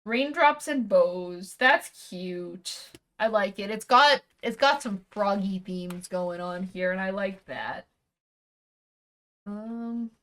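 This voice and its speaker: A woman's voice: medium pitch, takes it slowly, fairly bright tone. Rambling woman streamer chatting casually. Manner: rambling, self-correcting, casually swearing, chuckling. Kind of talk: casual stream chat while unboxing.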